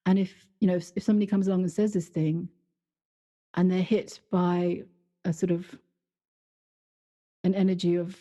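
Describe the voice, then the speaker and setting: This podcast co-host speaks in a mellow, lowish voice with a flat delivery at normal speed, pausing often. Her talk is casual and reflective, full of storytelling and frequent laughter.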